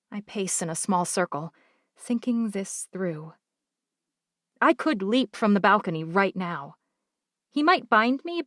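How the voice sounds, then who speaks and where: A woman narrating a first-person audiobook with a measured, even delivery. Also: mid-range voice, dry recording, clean studio sound.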